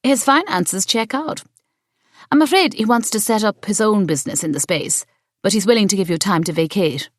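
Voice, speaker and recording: A woman's voice: mid-range voice, animated, moderate pace, no echo, clean studio sound, voice pushed up, close to an everyday voice. A woman reading the part of a cool, businesslike landlady pressing a deal. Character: cool, pushy woman landlord in a pristine suit.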